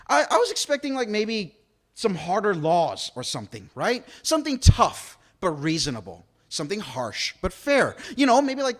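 A man's voice: a little high, fairly bright tone. A preacher acting a rich man, incredulous. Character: rich male ruler, incredulous and bargaining.

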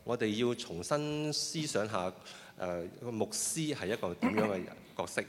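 A man interpreting a sermon phrase by phrase, often pausing with fillers and restarting his sentences. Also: lowish voice, expressive, a little hiss or hum. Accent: Cantonese. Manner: hesitant, with frequent fillers and restarts. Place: church hall. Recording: long reverb of a hall.

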